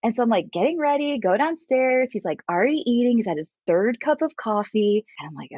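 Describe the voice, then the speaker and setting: A woman's voice: fairly low pitch, expressive, fast, hardly any pauses, a little mellow, husky, no echo, lo-fi sound. A woman guest casually telling a story, acting out quotes and laughing often. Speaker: podcast guest.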